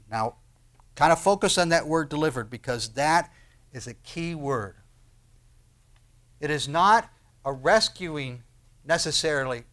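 A man preaching a sermon as pastor, swinging from hushed, low phrases to loud emphatic ones and asking his listeners rhetorical questions.

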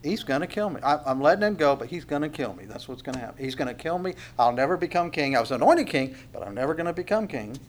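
A man's voice: on the high side, animated, fast talker, few pauses, a little hiss or hum, lightly acted. A fearful young man muttering his dread over and over, as a preacher gives him voice. He sounds resigned and brooding, and he stays close to an ordinary speaking voice. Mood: despairing.

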